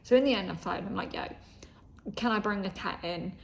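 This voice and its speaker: A woman's voice: medium pitch, a little fast, creaky. A young woman casually telling a story, swearing freely and acting out what people said, often dropping to a whisper. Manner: chatty, swears, acts out quoted dialogue, often drops to a whisper. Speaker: vlogger.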